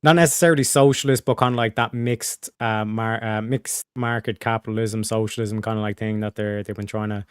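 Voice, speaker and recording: Male streamer host, loose rambling talker who swears a lot, smooth and dry. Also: lowish voice, steady tone, fairly quick, hardly any pauses, no echo. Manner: rambling, many fillers and restarts; swears casually. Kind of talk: casual chat.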